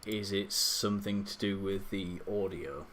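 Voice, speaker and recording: A man's voice: sits low, fairly even intonation, measured pace, a bit bright, slight background noise. A man live streaming late at night from his home computer, rambling and self-deprecating, with lots of hesitant restarts. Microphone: desktop USB microphone.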